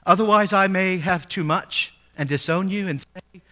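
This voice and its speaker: A man's voice: high voice, moderate pace, sharp tone. A male pastor preaching a sermon, reading scripture aloud and asking the congregation rhetorical questions, rising to emphatic peaks.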